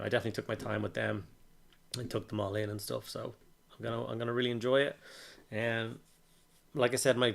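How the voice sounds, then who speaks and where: A man chats casually through a live hobby stream, greeting viewers one by one and tossing in jokey asides. His voice sits at an ordinary middle pitch with a gravelly edge of vocal fry. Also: fairly bright tone. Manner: chatty, greets chat by name, jokey asides.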